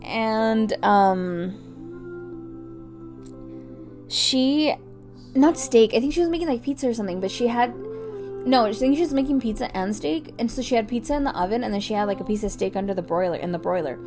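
A woman's voice: fairly high pitch, moderate pace, long pauses, over music. A young woman telling a casual story to her viewers, swearing freely and acting out voices and sounds. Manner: animated, swearing, acts out voices and alarm beeps. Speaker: vlogger.

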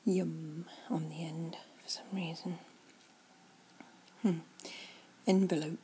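A woman doing a whispered ASMR chat, soft and rambling as she muses aloud. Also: deep voice, fairly even intonation, slow pace, slight background noise, poor audio.

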